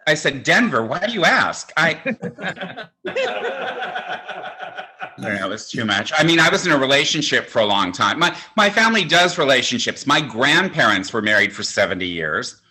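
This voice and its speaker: A man's voice: mid-range voice, very animated, moderate pace, long pauses, pushed and bright. A man in his sixties doing a stand-up comedy set, with a campy, conversational, self-mocking delivery. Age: 60s. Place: home, virtual show.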